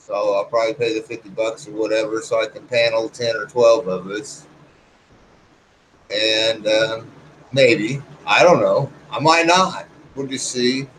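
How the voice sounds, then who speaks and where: A man's voice: fairly low pitch, steady tone, unhurried, fairly bright tone, a little hiss or hum, low-quality recording. A man talking casually to his viewers, rambling through a profane, loose rant and restarting his sentences often. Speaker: YouTuber.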